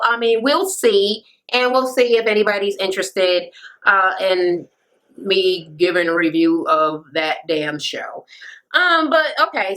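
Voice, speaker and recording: A woman's voice: on the high side, bright, forceful tone. A woman giving a blunt, profane, sassy rant recapping a reality show.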